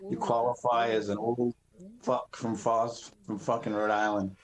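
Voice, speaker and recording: A man's voice: medium pitch, little pitch movement, unhurried. A man chatting casually on a podcast, cracking jokes in short quips. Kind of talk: casual chat.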